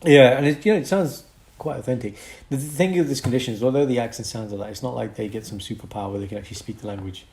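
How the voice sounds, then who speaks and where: A man who is a doctor and podcast co-host, explaining a medical condition in a casual, lively chat. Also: medium pitch, quick pace, creaky, hardly any pauses. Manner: explains medical topics, lively, slips into mock accents.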